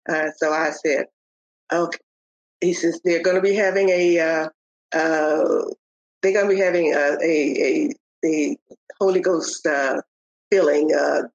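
An older woman, a podcast guest, telling the story of her faith in a halting way, with many pauses and restarts. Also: fairly low pitch, slightly rough, no echo. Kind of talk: telling a personal faith testimony. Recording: dull, lo-fi audio.

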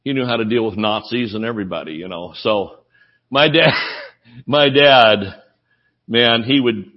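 A man with a Southern US accent preaches a humorous sermon packed with stories, animated and laughing often. His medium-pitched voice is unhurried, and the sound is lo-fi.

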